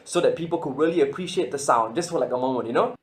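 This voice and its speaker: A man casually explaining how he built his beatbox routine, excited, often stuttering and repeating words. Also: a little high, quick pace. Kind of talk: casual spoken breakdown.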